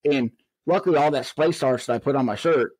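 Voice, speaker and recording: A man's voice: mid-range voice, brisk, husky, dry recording, rough recording. Man telling work stories, dry sound. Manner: animated, acts out quoted dialogue in raised voices. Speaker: interview guest, former correctional officer. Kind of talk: conversational storytelling.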